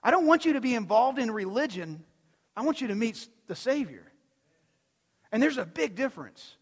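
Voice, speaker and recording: High-voiced pastor in a reverberant hall. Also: male voice, very animated, normal speed, husky. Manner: conversational storytelling, asks the crowd questions. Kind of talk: sermon.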